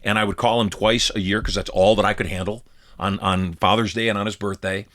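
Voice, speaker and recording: A man's voice: on the low side, steady tone, a little fast, fairly bright tone. A middle-aged man co-hosting a podcast, telling personal stories and acting out quoted dialogue in casual conversation. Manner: storytelling, acts out quoted dialogue. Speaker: podcast co-host.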